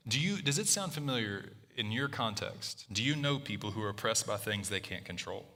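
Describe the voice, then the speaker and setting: A man's voice: lowish voice, animated, brisk, bright, forceful tone, in a large hall. A man preaching a sermon in a loose, conversational way, often restarting his sentences and using filler words. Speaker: pastor.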